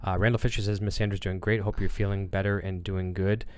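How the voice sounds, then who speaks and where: A man's voice: low voice, flat delivery, quick pace, a little mellow. A man hosting a casual livestream, rambling with lots of fillers as he reads chat comments and tells a story. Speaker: livestream host.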